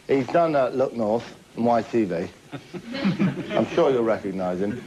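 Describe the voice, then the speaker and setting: A man's voice: medium pitch, sing-song, a little slow, a crowd in the background. A man hosting a comedy show, delivering a chatty, boastful, name-dropping monologue to camera. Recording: dull lo-fi TV recording with noise.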